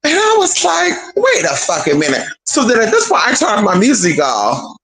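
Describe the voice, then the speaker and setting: Animated, profane livestream talker. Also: mid-range voice, normal speed, crowd noise, poor audio. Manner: animated, profane, chatty, addresses viewers as y'all and girl. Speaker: streamer. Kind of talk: casual spiritual monologue.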